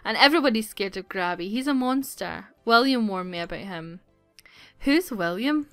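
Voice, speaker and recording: A woman voicing a chatty, bossy teen girl student from a game, talking fast. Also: mid-range voice, expressive, no room sound, faint music behind, natural voice. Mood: bubbly.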